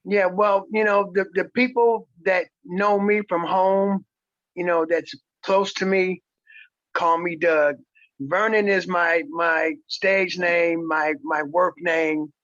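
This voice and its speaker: Man in his sixties, interview guest, slow unhurried storytelling, high voice, slightly dull sound. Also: no echo. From San Francisco. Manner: slow, relaxed storytelling with repeated words. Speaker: guest, stage actor. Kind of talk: casual interview chat.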